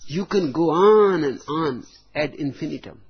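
A man delivers a spiritual discourse in an unhurried, measured way, setting out each phrase on its own with long pauses between. His voice sits a little high and has a husky grain. The recording is dull and lo-fi. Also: expressive. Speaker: spiritual teacher.

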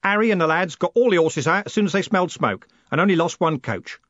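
A man's voice: high voice, animated, fast, a bit bright, no echo, highs cut off, voice pushed up. A man doing a growling, wry coachman. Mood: blunt. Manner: growling, blunt, teasing. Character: gruff burly male coachman, blunt and wry.

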